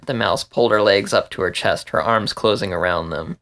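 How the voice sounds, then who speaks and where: A man reading a story aloud in a plain, steady narration. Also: lowish voice, fairly quick, creaky, few pauses. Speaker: story reader.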